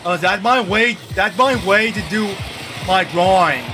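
A young man giving loud, cursing commentary over his own gameplay, raging and trash talking. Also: high-pitched, measured pace, noisy background. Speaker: gaming streamer.

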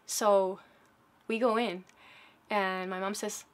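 A woman from South America recounts a personal story before an audience. She speaks at a medium pitch and keeps the telling vivid. She slips into acted quotes as she goes. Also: steady tone, takes it slowly.

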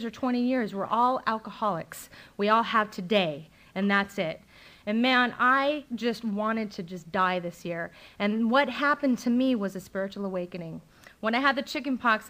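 A woman's voice: a little high, lively intonation, moderate pace, fairly bright tone. A young adult woman speaking at a recovery meeting, telling her own story candidly and with feeling, with many fillers. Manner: candid and emotional, with frequent fillers.

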